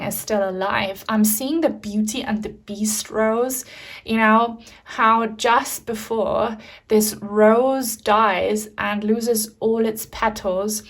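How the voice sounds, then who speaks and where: Emotional, reassuring woman tarot reader. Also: mid-range voice. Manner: emotional, reassuring, rambling with fillers. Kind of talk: pick-a-card tarot reading to viewers.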